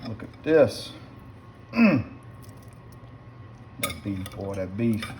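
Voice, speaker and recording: A man's voice: on the low side, big pitch swings, drawn-out words, background noise. A middle-aged man with a South Louisiana accent, chatting folksily to viewers while he cooks in his home kitchen. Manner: folksy and chatty, keeps addressing viewers as guys. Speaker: home cook. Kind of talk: casual cooking demonstration. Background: pots and utensils clinking.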